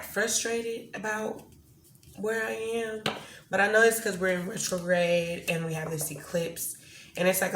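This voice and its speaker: Woman, tarot reader, candid rambling delivery; low, gravelly voice in a roomy space. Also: a bit bright. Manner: rambling, candid, swears casually. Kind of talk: casual tarot reading to camera. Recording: echoey room with faint noise.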